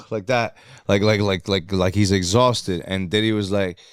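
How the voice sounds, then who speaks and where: A man's voice: lowish voice, steady tone, a little slow, clean tone, dry recording, clean studio sound. A man from New Jersey in loose, profane comedy podcast banter, laughing often and repeating himself as he talks. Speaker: podcast guest or co-host. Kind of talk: casual comedy podcast chat.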